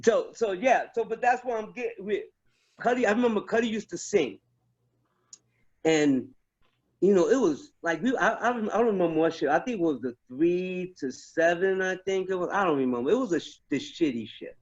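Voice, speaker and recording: A man, an army veteran, telling stories in a casual chat, animated and profane, restarting his sentences often. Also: high voice, normal speed. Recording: dull lo-fi sound.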